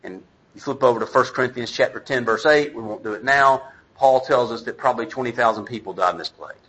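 A man's voice: medium pitch, fast, fairly bright tone, slightly rough, low-quality recording. A man preaching a sermon, reading scripture and paraphrasing it in conversational, acted-out dialogue. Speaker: pastor.

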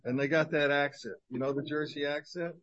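A man in his sixties, a minister giving an energetic, joking talk to a men's group at a church, with lots of fillers. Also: on the high side, fairly quick, highs cut off. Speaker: guest speaker and minister to men. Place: church gathering of men.

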